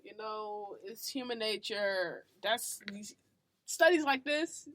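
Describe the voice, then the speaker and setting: A woman's voice: mid-range voice, expressive, slow, fairly bright tone. A young woman, a college student, co-hosting a casual podcast, chatty and slangy. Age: young adult. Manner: chatty, slangy, laughs easily. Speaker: podcast co-host.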